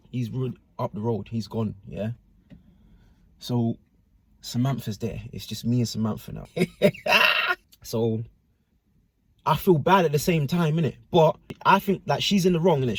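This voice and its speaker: A man's voice: mid-range voice, breathy edge, no echo. A man telling a casual personal story to camera in slangy speech with constant tag questions.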